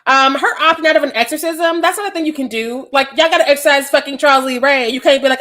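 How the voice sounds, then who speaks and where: A woman's voice: high-pitched, fast, fairly bright tone. A woman co-hosting a casual podcast chat, blunt and profane in her opinions. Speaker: podcast co-host.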